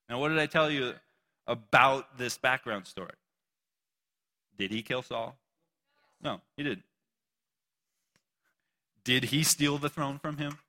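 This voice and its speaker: A man preaching a casual sermon, reading scripture slowly and dramatically between conversational asides. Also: mid-range voice, sharp tone. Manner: conversational, reads scripture slowly and dramatically, frequent laughs and "right?". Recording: long hall reverb.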